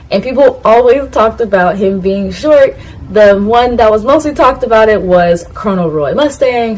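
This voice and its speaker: Ranking anime catchphrases on YouTube, a woman vlogs to camera in a casual, rambling way, laughing at herself and speaking straight to her viewers, whom she asks to comment. Her voice is medium in pitch with a darkish tone, captured on a low-quality recording.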